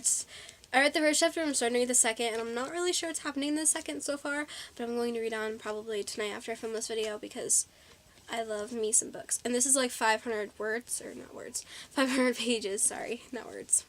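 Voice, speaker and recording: A woman's voice: on the high side, a bit bright, slight background noise. A woman vlogger chatting casually to her camera at home, rambling with lots of ums and likes and correcting herself as she goes. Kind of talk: casual haul video chat.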